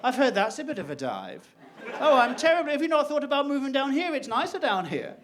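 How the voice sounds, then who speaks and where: A man's voice: extremely high pitch, sing-song, brisk, fairly bright tone, voice pushed up, heavily acted. A man putting on a condescending, pitying London comedian in a stand-up bit, in an echoey venue with laughter. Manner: condescending, mock-sympathetic.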